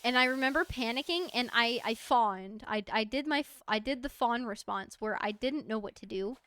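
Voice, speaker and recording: A woman's voice: a little high, normal speed, pushed and bright, dry recording. An American woman streaming a game, chatting casually and rambling through stories with frequent laughs. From United States. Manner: chatty, rambling storyteller who laughs often. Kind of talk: casual stream chat while gaming.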